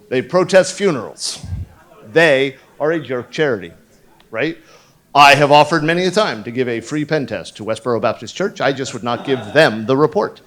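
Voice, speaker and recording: A man in his fifties talks from a conference stage with a fairly high voice. He is blunt and profane, and he mixes jokes into his points. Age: 50s. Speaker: conference speaker. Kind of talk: conference talk.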